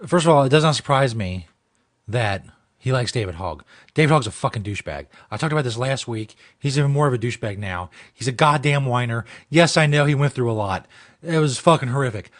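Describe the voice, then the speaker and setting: A man's voice: medium pitch, animated, fairly quick. A man hosting a comedy show, ranting and mocking with heavy swearing. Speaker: host. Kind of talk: profane comedic rant.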